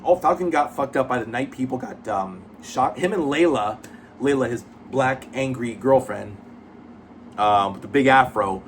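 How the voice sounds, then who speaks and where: A man's voice: mid-range voice, slight background noise. A man reviewing comic books in casual chat, blunt, profane and rambling with many fillers.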